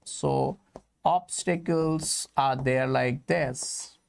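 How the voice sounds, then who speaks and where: A male chemistry teacher with an Indian English accent explains slowly and deliberately, leaning on repetition to drive each point home. His pitch sits in an ordinary middle range, and he keeps checking whether his students are following. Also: fairly even intonation, creaky, a little mellow. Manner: slow, repetitive explaining, addressing students as kids. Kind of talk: exam-prep lecture.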